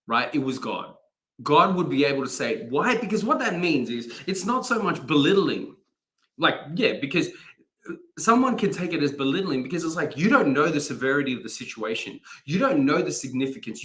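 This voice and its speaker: A man's voice: medium pitch, a bit bright. A man, a chaplain, giving an informal daily devotional talk, reading scripture and breaking off with self-corrections and asides.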